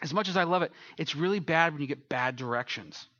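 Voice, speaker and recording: High, bright-voiced joking preacher man. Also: brisk, no echo, lo-fi sound. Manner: chatty, joking storyteller. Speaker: pastor. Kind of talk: sermon with humorous stories.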